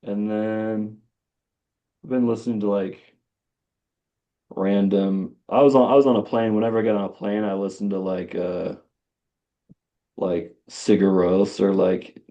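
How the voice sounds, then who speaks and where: A man with a very low, mellow voice, a musician guest in a casual interview. He speaks in a relaxed and hesitant way, trailing off into fillers. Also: unhurried, long pauses, dull audio. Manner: laid-back, hesitant, many fillers.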